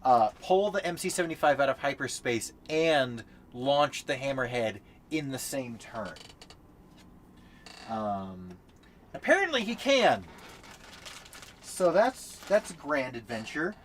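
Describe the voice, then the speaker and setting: A man's voice: mid-range voice, lively intonation, a little slow, a little hiss or hum. Casual male game streamer. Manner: mumbles to himself while sorting pieces. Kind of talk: casual chat while setting up a game.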